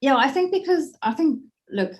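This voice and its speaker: A woman's voice: high-pitched, expressive, moderate pace. Earnest middle-aged woman with a South African accent. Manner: reflective and earnest, full of "you know" fillers. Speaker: guest. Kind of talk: casual interview conversation.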